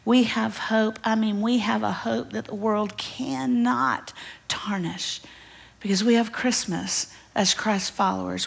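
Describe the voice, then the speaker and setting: A woman teaching a church Bible study, telling a story in an earnest, emphatic way and often dropping to a soft, breathy near-whisper. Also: a little high. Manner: earnest and emphatic, addresses listeners as y'all. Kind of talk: storytelling sermon. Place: church gathering.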